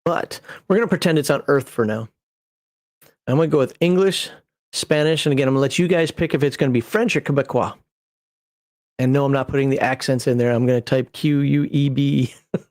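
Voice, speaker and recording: A man's voice: medium pitch, brisk, a little mellow, no echo, clean studio sound. A man hosting a casual livestream as a game master, talking in a rambling, digressive way and chuckling at himself as he builds a character. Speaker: game master and channel host.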